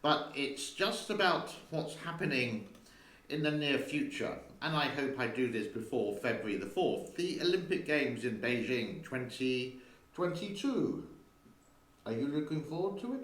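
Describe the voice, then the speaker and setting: A man's voice: mid-range voice, expressive, measured pace, a bit bright, reverberant. Chatty man vlogging from a home studio. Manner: rambling and chatty, talks to his cat. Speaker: channel host. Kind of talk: casual vlog chat.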